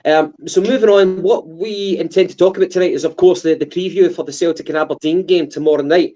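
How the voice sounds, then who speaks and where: A man's voice: high-pitched, fairly even intonation, fast talker, mellow, highs cut off. A Scottish man co-hosting a casual football podcast, hesitant with many fillers and restarts. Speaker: podcast co-host.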